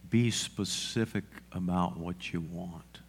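Preacher man, lively and questioning. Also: sits low, slow, a little hiss or hum. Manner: lively preaching, asks the congregation questions, repeats for emphasis. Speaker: pastor. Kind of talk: sermon.

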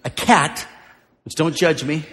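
Brief: male pastor, high bright voice, preaching in a big reverberant hall, shouting his big lines. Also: unhurried. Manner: builds from joking asides to shouted declarations. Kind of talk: preaching a sermon. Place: large church auditorium. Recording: live in a large hall with music behind.

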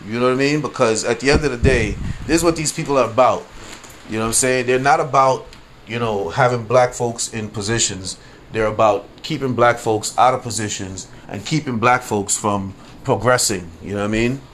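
A man's voice: mid-range voice, brisk, a bit bright, slight background noise. Profane man ranting on a podcast. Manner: profane, conversational, frequent "you know what I mean"; laughs through stories. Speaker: podcast host. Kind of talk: casual solo rant.

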